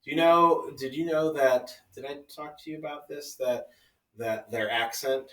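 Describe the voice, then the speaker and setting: A man's voice: mid-range voice, steady tone, moderate pace, fairly bright tone. Joking man, roomy and distant. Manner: joking, rambling, with many restarts. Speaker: podcast co-host. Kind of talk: casual chat. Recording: echoey room, mic at a distance.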